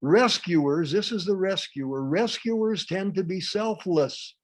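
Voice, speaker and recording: A man's voice: high voice, measured pace, hardly any pauses. A man presenting a live workshop, teaching through humorous everyday anecdotes.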